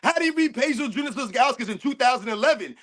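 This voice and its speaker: A man's voice: very high-pitched, lively intonation, quick pace, a bit bright. A man co-hosting a sports rant livestream, arguing heatedly with rhetorical questions. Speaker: co-host.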